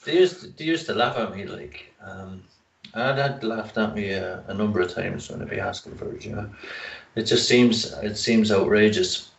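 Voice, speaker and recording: A man with an Irish accent co-hosting a podcast, making wry jokes and quick asides. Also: lowish voice, vocal fry, a little hiss or hum. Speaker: podcast co-host. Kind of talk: casual chat. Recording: roomy, distant, dull mic.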